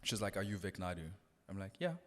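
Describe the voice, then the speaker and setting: An earnest man recounts a story at a thoughtful pace. His voice sits low, and the room leaves a long reverb trail behind each phrase. He restarts his sentences often as he reflects. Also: very animated, fast. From South Africa. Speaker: radio DJ guest. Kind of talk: casual podcast conversation.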